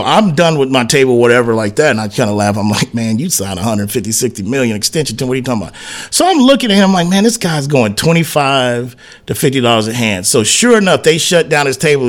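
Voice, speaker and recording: Man telling a lively sports-radio anecdote. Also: medium pitch. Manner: animated anecdote teller who acts out quoted dialogue, frequent "man" and "whatever". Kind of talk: casual storytelling on sports talk radio.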